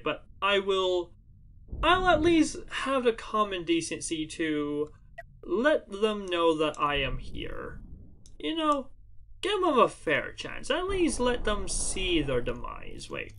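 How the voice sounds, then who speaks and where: A man narrating his gameplay in an unhurried, drawn-out way, his voice sitting a little high. He's chatty and playful, with lots of "um"s and restarts and mock taunts at the enemy. A faint hum sits under the recording. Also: sharp tone. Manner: chatty, with frequent fillers and restarts. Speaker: let's play host. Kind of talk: gameplay commentary.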